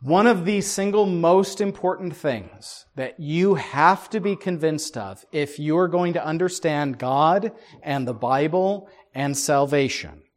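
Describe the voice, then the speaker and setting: A male pastor delivering a sermon in a fairly high voice, at a slow, deliberate pace. He drives his points home with rhetorical questions and trips over quick restarts as he builds emphasis.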